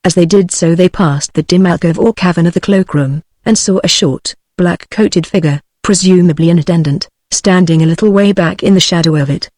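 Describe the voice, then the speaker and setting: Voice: medium pitch, brisk, hardly any pauses, no echo. Dry text-to-speech narrator. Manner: even, mechanical delivery. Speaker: audiobook narrator. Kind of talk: text-to-speech book reading.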